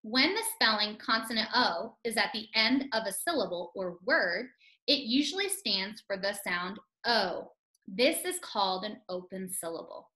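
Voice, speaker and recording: Bright-voiced woman teaching phonics. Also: a little high, roomy sound, low-quality recording. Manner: slow, clear teaching voice, stretching out sounds. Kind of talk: scripted phonics lesson for children.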